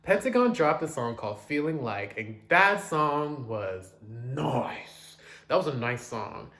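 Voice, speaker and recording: A man casually reviewing new pop releases, chatty and dramatic, with quick asides and loud outbursts. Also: mid-range voice, big pitch swings. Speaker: music reviewer.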